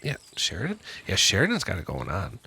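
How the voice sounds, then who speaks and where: A man co-hosting a casual podcast chat, joking around with deadpan one-liners. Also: sits low, fairly quick, vocal fry, breathy edge. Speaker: podcast co-host.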